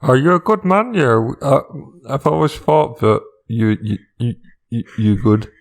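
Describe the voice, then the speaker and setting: A man voicing Lance, a meek young male best friend who is dying, in a comedy improv podcast, halting and stammering. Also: medium pitch, very animated, pitched above the performer's own voice. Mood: sheepish.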